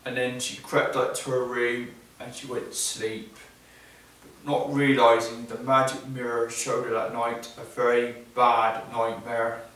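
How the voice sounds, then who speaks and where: Slow male storyteller in an echoey hall. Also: medium pitch, level tone, a bit bright, distant mic. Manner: simple, repetitive phrasing with pauses. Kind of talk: live fairy-tale storytelling.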